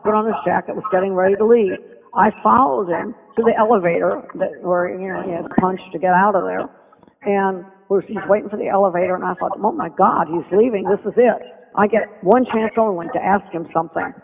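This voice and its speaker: Older woman, gravelly voice, animated storyteller, tinny phone line, long echo. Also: mid-range voice, brisk. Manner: animated storyteller who acts out quoted speech. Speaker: podcast guest. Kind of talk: reminiscing interview storytelling.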